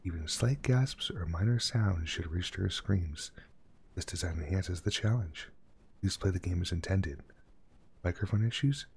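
Gravelly low-voiced male streamer. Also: moderate pace. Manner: jokey, reads on-screen text aloud, drops to a hush. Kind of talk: casual gameplay commentary.

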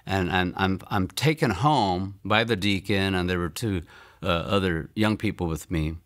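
A man in his fifties from Maryland, telling a personal testimony in earnest storytelling, often trailing off softly at phrase ends. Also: low voice, unhurried. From Maryland, United States. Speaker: guest giving a testimony.

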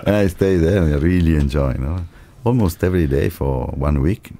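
An Italian-accented man with an extremely low, deep voice, telling a long story as a podcast guest. He is a lively raconteur who acts out the dialogue and often breaks into laughter. His English carries the rhythm of a native Italian speaker. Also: fairly quick. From Italy. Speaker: martial arts teacher, podcast guest. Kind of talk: casual storytelling interview.

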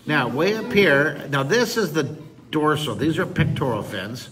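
A man's voice: on the high side, sing-song, unhurried, distant mic, background noise. A middle-aged man teaching a drawing lesson in a playful, goofy way, full of teasing jokes, with an audience of kids behind him. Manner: goofy, teasing, jokey asides.

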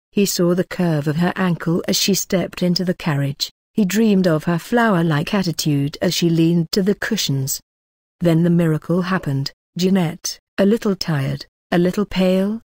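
A woman narrating a novel in a measured, lyrical reading. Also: on the low side, a little mellow, no room sound, studio quality. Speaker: audiobook narrator. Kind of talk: scripted narration.

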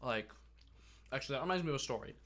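A young man co-hosting a casual podcast, telling a story with animated, profane energy. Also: medium pitch, very fast. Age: young adult. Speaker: podcast co-host.

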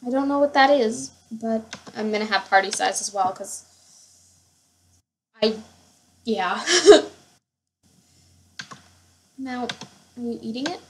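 A woman's voice: fairly high pitch, expressive, slow pace, pauses often, a little hiss or hum. A woman giving casual gameplay commentary, gushing and rambling with many fillers as she shows her household. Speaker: gamer showing her household.

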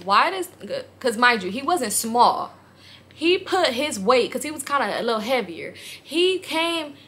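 A young woman vlogger telling a personal story in a candid, animated way, swearing freely. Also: mid-range voice.

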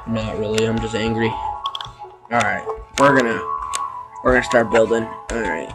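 A man giving casual gameplay commentary, chatting to viewers with sudden loud exclamations and sarcastic asides. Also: fairly low pitch, fairly even intonation, moderate pace, over loud music. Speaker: let's play gamer.

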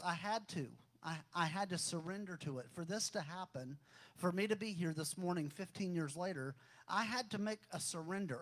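A middle-aged man, a pastor giving a folksy personal testimony in a sermon that builds into fervent, raised exhortation. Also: high voice.

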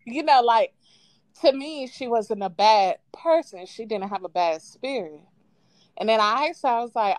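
A woman calling in to a live show, casually telling a childhood story with lively quoted voices and frequent laughs. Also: a little high, normal speed, dry recording. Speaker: caller. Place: at home on a live call. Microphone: phone.

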